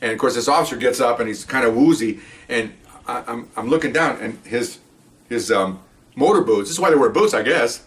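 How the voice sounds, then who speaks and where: A man's voice: medium pitch, fairly quick, distant mic. An older man, a retired police officer, telling a patrol story in a casual, rambling way full of asides and "okay?" check-ins.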